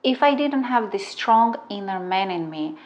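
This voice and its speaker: Speaking at a moderate pace with lively intonation, a non-native English-speaking middle-aged woman, a relationship coach, recounts a dramatic story from her own life and swears freely throughout. Her voice is mid-range, and the recording's highs are cut off.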